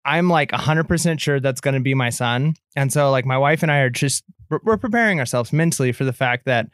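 A man in his thirties co-hosts a podcast, telling stories chattily with lots of fillers and restarts in casual podcast conversation. His medium-pitched voice is fairly quick and a bit bright, captured in a dry, clean studio recording.

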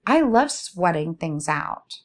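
A woman's voice: fairly low pitch, very animated. Soothing woman giving a reflective talk. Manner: slow, soothing and inviting, with many rhetorical questions.

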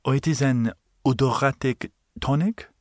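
A man's voice: medium pitch, normal speed, a little mellow, no room sound, studio quality, voice pushed up, natural voice. A man voicing a haughty shop clerk with a mock French accent, speaking in a prim, clipped, indignant way. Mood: snooty.

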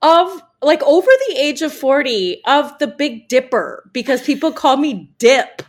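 A high-pitched woman in her forties, co-hosting a casual podcast chat. Her voice leaps all over the place as she tells animated, self-mocking stories and laughs along the way. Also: unhurried. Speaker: podcast co-host.

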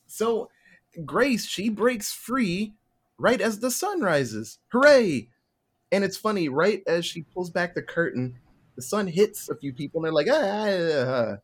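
A man's voice: high-pitched, sing-song, measured pace, husky. A young man hosting a podcast, casually retelling a film's plot in a laid-back, swearing manner, often acting out the characters' lines. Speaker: podcast host.

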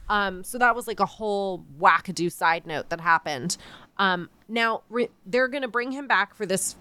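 A woman hosting a podcast, retelling a story casually with lots of fillers and animated asides. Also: medium pitch, normal speed, smooth, no echo. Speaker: podcast host.

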